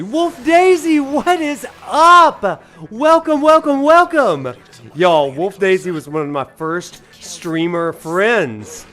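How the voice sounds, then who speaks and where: Game music plays faintly as a streamer and professor from Alabama, USA enthusiastically welcomes his chat on a live gameplay stream. His Southern-drawled voice is a little high and a bit bright.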